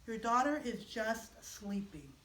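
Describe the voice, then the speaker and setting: A gentle calm healer man, as a woman puts him on. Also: fairly high pitch, slow, heavily acted. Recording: echoey room from far off.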